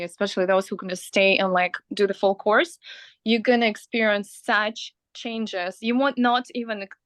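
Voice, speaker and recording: A woman's voice: mid-range voice, fairly bright tone, clean tone, no echo. A woman co-hosting a parenting course on a video call, speaking in a reassuring, casual teaching manner.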